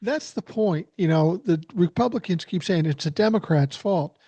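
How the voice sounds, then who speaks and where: Mellow older man hosting, dull audio. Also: sits high, moderate pace, husky, no room sound. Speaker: podcast host. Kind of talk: political podcast chat. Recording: dull dry lo-fi sound.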